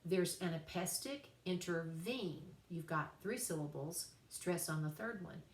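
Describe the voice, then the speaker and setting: Lady teacher lecturing on poetry, kinda low voice, chatty n playful, roomy sound a bit off mic. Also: distant mic. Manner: chatty, playful, slows down to spell out examples. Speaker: writing teacher. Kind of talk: recorded class lecture.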